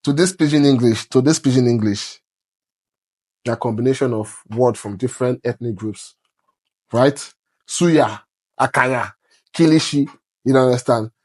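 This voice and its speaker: A man's voice: mid-range voice, moderate pace, long pauses, a little mellow. Emphatic young Nigerian man. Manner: emphatic, mixes Nigerian Pidgin into English. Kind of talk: casual podcast chat.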